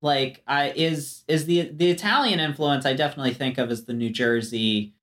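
Podcast co-host, casual chat, meandering storyteller, mid-pitched voice. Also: normal speed, a bit bright.

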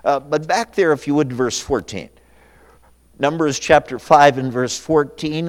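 A man's voice: on the high side, unhurried. A man preaching a sermon as pastor, telling a folksy story and then reading scripture aloud. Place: church sanctuary. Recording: church hall reverb.

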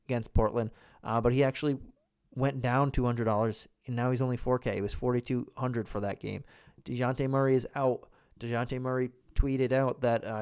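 A man hosting a casual sports podcast, talking fast and loose with fillers, a little out of breath. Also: medium pitch, a little mellow, clean tone. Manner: quick, loose delivery with fillers. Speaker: podcast host.

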